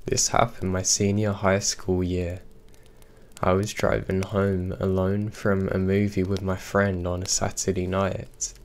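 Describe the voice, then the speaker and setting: Low-voiced man narrating horror stories. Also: completely flat delivery, measured pace, darkish tone, a little hiss or hum. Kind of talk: scripted narration.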